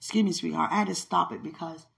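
A woman's voice: fairly low pitch, fast talker, creaky. A woman in her late thirties talking in a casual monologue, affectionate and prayerful, often breaking into laughter. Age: late 30s. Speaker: podcaster.

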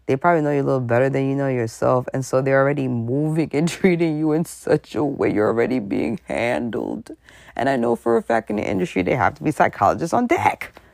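Her voice low and full of vocal fry, a woman hosts a candid, chatty commentary monologue in a studio-quality recording without echo. She stays lively throughout, dropping in asides, laughing, and slipping into acted-out voices.

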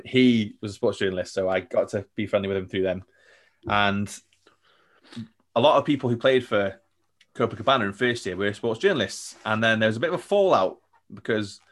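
A young man telling stories as a podcast guest, chatty and rambling, laughing often. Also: on the low side. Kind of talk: casual storytelling chat.

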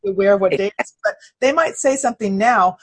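A woman's voice: medium pitch, fairly quick, husky. A woman in casual conversation who is studying mediumship, speaking hesitantly with frequent fillers. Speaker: interviewer, student of mediumship.

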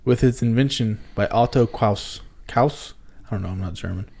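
A man's voice: lowish voice, normal speed, vocal fry, a little mellow. A man co-hosting a casual chat, dry and wry, reading facts off a screen.

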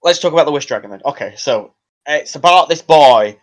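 This young man tells stories in a rambling, excitable way, his voice sitting a little higher than most men's. He chats casually as a podcast co-host and keeps laughing at his own tangents. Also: brisk. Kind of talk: casual chat.

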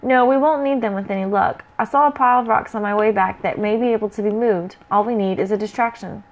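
A woman's voice: medium pitch, fast, close to an everyday voice, low-quality recording. A woman voicing a dry, confident male elf tracker who speaks matter-of-factly. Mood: curt. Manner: matter-of-fact, curt.

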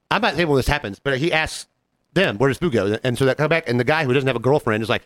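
Fast, animated man telling a story. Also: on the high side, dry recording. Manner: animated, acts out quoted voices; swears freely. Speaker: podcast co-host. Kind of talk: casual storytelling chat.

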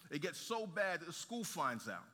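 A man from Nigeria preaching a sermon, telling a story with animated, joking asides to the congregation. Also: a little high, moderate pace. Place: large church hall. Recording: reverberant hall.

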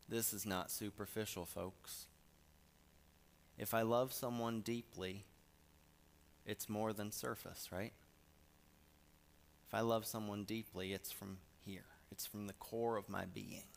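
A man preaching a sermon, reading scripture with emphasis and swinging from soft asides to loud lines. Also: fairly low pitch, steady tone, a little slow, gravelly, long pauses.

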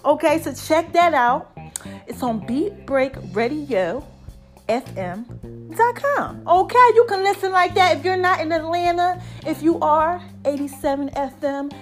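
A middle-aged woman hosting her podcast, talking in an animated, preachy way and a little out of breath. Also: high-pitched, a little slow, soft background music. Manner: animated, preachy, hypes her shows, calls listeners y'all and baby. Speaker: podcast host. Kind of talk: casual monologue to listeners.

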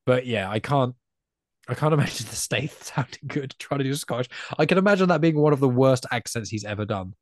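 A man's voice: mid-range voice, animated, brisk, no echo, clean studio sound. An English man with a chatty, rambling way of talking, a guest on a casual podcast. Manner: chatty, rambling, self-correcting.

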